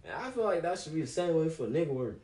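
Teenage boy, joking and hesitant, lively pitch, echoey room. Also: quick pace. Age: teens. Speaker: interviewee, son. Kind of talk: casual chat.

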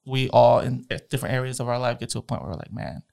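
A man co-hosting a podcast, talking in a relaxed, reflective way and laughing often. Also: medium pitch, fast talker, vocal fry. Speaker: podcast co-host. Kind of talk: casual chat.

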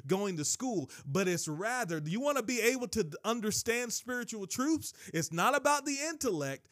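A male preacher delivers a sermon in an emphatic, insistent way, circling back over his phrases. His voice sits fairly high for a man, and the recording is dry, with no room echo. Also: a bit bright. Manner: emphatic, repeats and restarts phrases. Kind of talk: sermon teaching.

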